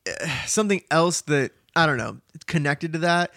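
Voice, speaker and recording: A man's voice: fairly high pitch, expressive, normal speed, fairly bright tone, no room sound, studio quality. A man co-hosting a podcast in casual chat, playful and jokey, laughing often. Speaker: podcast co-host.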